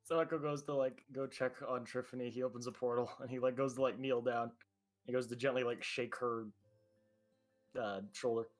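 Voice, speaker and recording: A man's voice: mid-range voice, fairly even intonation, brisk, soft background music. A man describing his character's actions in a tabletop game, casual and hesitant. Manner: casual, hesitant with many fillers. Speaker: player.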